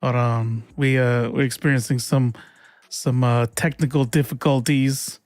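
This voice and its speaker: A man's voice: mid-range voice, fairly even intonation, a little slow, a little mellow, dry recording. A young adult man hosting a casual livestream, chatty and laughing as he fumbles with his stream settings and swears now and then. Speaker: livestream host.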